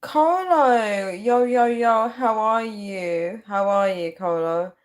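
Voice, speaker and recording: A woman's voice: medium pitch, slow. A young woman chatting casually on a live stream, rambling and reading viewer comments aloud. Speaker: livestreamer.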